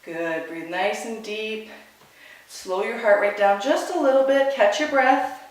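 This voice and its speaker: Slow calm yoga teacher giving short cues, super echoey room, mic kinda far away. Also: mid-range voice. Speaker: yoga instructor. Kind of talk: guided yoga class cues.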